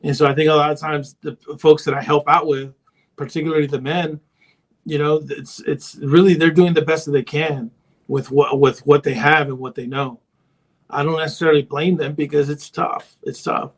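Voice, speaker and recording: Brief: male therapist guest, slightly high voice, loose chatty storyteller, fillers everywhere. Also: flat delivery, moderate pace. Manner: rambling storyteller, heavy on filler phrases. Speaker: therapist and parent coach. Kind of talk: casual podcast conversation.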